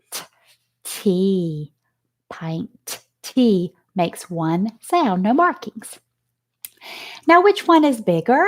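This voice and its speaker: A woman teacher giving a remote lesson to young children, patiently sounding out letters and words. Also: medium pitch. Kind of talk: remote phonics and math lesson.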